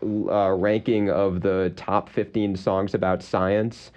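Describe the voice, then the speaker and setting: A man's voice: low-pitched, little pitch movement, slow, a little mellow, lo-fi sound. A man hosting a local afternoon radio talk show, casual and joking with a guest. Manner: casual, joking, many uh fillers. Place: radio studio.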